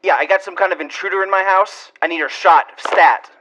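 A man's voice: high voice, fairly quick, sharp tone, lo-fi sound, slight background noise. A man doing a flustered, whiny homeowner. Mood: deadpan. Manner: exasperated, whiny, protesting. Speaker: dubber. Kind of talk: comedic overdub of a silent film.

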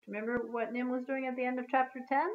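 A woman teacher reading a chapter book aloud to young children, gently stopping to ask them questions and explain. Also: high voice, level tone, rapid-fire, phone-quality sound. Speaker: kindergarten teacher. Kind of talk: storytime read-aloud.

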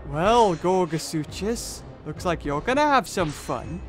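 A young man commentates on his game in a high, lively voice that leaps up and down with every turn. He reasons through each move aloud and breaks into excited exclamations. Soft game music plays quietly behind him. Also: a little slow. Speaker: gaming channel host. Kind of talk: let's play commentary.

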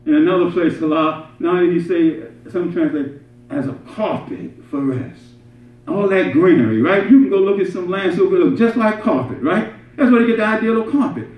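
A man gives a Friday sermon in a fairly high voice. He explains Arabic words and keeps checking in with "right?" The sound is distant and muffled, with heavy echo from a large hall. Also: lively intonation, normal speed. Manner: explains Arabic words, asks "right?" often, rises to emphatic peaks. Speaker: imam giving Friday sermon. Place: mosque prayer hall. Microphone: far from mic.

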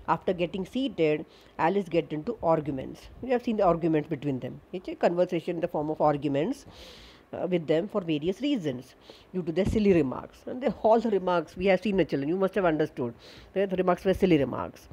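A woman teacher with an Indian English accent and a somewhat low voice reads a children's story aloud to her class. She stops often to repeat lines and explain word meanings, filling pauses with frequent "uh" and "okay.". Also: dark tone, breathy edge, dull audio.

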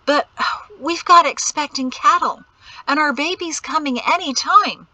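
A woman's voice: sits high, a little slow, bright, forceful tone, no echo, voice pushed up, exaggerated voice, low-quality recording. A woman reading an earnest pregnant young woman. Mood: pleading. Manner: earnest, pleading.

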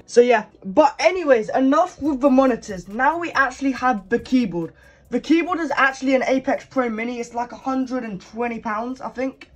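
This young man in his teens has a very high-pitched voice at normal speed. Speaking into a desk mic, the gaming YouTuber casually chats and shows things off as he walks through his gaming setup at his desk.

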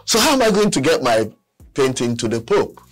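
A man, a guest artist, telling a story in casual chat, animated and laughing often as he acts out quotes. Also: mid-range voice, a little fast, faint music behind. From Nigeria.

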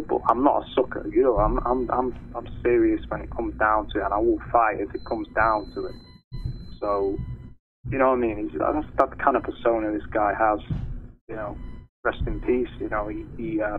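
A man hosting a casual spoken review of hip hop tracks, talking in a laid-back slangy way and often tacking on "man" and "yo". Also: medium pitch. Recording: tinny phone-like sound, faint noise.

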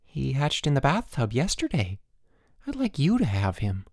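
A man voicing a shy, earnest schoolboy who talks softly and hesitantly. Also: mid-range voice, huge pitch swings, normal speed, no room sound, studio quality.

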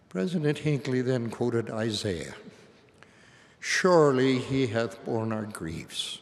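Slow, solemn older man in a reverberant hall. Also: mid-range voice. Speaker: church leader. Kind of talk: sermon. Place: large assembly hall.

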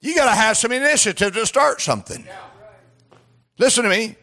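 A man preaching a sermon in a church, emphatic, with frequent restarts and bursts of shouting. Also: very high voice, animated, brisk. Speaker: pastor. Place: church sanctuary.

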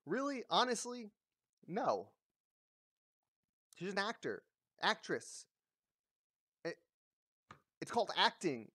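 A man's voice: fairly high pitch, a bit bright, no room sound, studio quality. A man giving a casual, blunt ranting commentary, mocking and swearing freely as he talks. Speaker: commentary vlogger. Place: lives in a big coastal city.

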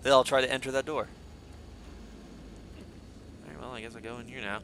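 A man commenting on his own gameplay, excitable and joking, swearing often and taunting the enemies. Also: mid-range voice, a little fast, creaky, pauses often, a little hiss or hum. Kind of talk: let's play commentary.

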